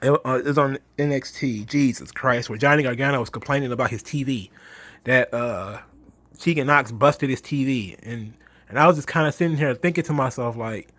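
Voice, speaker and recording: A man's voice: mid-range voice, brisk, fairly bright tone, dry recording. A man ranting in a mocking, exasperated, profane monologue about wrestling. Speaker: wrestling commentary host.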